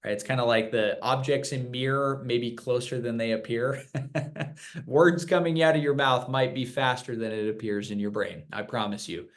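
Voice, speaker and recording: A man's voice: medium pitch, normal speed. A man teaching new sales reps in a casual virtual training session, explaining points with examples. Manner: conversational, explains with examples and acted-out quotes.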